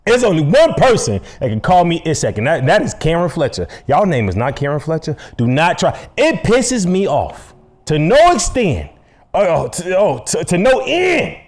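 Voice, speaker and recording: A man's voice: a little high, moderate pace. A young man co-hosting a casual podcast, ranting emphatically and laughing often. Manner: animated, emphatic, laughs a lot. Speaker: podcast co-host.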